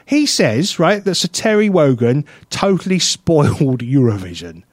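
A man co-hosting a radio show tells an anecdote in a chatty, animated way, laughing frequently and doing voices. His voice is fairly high and a little slow, recorded dry in a studio with studio-quality sound.

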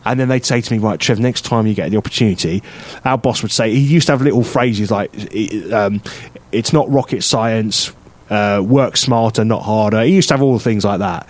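A man's voice: on the low side, a little fast. A man co-hosting a radio show, telling a rambling anecdote in casual chat, full of fillers and restarts. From England. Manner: rambling anecdotal storytelling with frequent fillers and laughs.

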